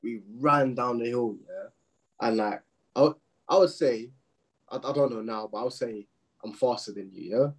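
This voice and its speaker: A man's voice: medium pitch, normal speed, low-quality recording. A young man recalling a story in casual chat, checking in with "yeah?" and "innit". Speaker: podcast co-host.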